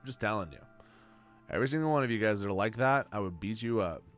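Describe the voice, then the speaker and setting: A man's voice: lowish voice, lively intonation, fast talker, faint music behind. A man in his twenties, streaming and answering chat in casual, blunt talk full of bro and man. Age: 20s. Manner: blunt, slangy, calls everyone bro and man.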